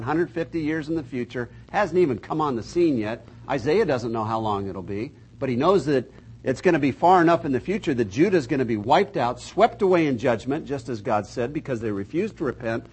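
An older man leads a Bible class in a relaxed, joking manner. He reads scripture aloud with weight and emphasis. His voice is husky, at an ordinary middle pitch. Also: rough recording. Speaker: Bible teacher. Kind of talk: casual Bible class teaching.

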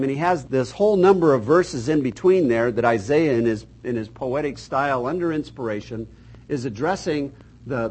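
A man's voice: mid-range voice, slightly rough, low-quality recording. Folksy older man teaching a Bible class. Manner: folksy, joking, reads scripture aloud with emphasis.

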